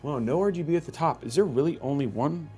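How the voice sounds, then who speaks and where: Male livestream host, a bit high-pitched, rambling casual commentary, faint music underneath. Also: fast talker, darkish tone. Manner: chatty, thinks aloud, many restarts. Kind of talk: casual live commentary while building a PC.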